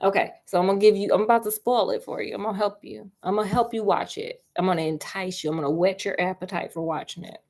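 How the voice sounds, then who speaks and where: A woman's voice: medium pitch, steady tone, fast, hardly any pauses, a little mellow. A woman chatting casually about a film with lots of asides, talking straight to her viewers while she does crafts at home. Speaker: film reviewer.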